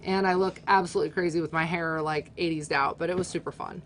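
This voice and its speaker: Chatty woman with a lowish voice. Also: fairly even intonation, fast, slight background noise. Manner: chatty, fills sentences with "like". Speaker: guest. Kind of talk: casual chat.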